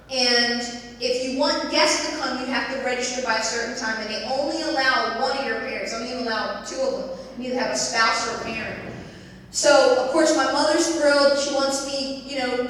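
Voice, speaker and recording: A woman's voice: on the high side, slight background noise. A middle-aged woman giving a talk as a guest speaker, telling a story and acting out the voices of the people in it. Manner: animated, acts out quoted voices. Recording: echoey hall from far off.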